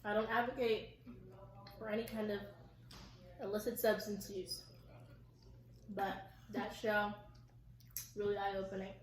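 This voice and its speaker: A woman's voice: mid-range voice, flat delivery, measured pace, pauses often, slight background noise. A young woman vlogger in casual chat, rambling and chatty with lots of "like". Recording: echoey room, mic at a distance.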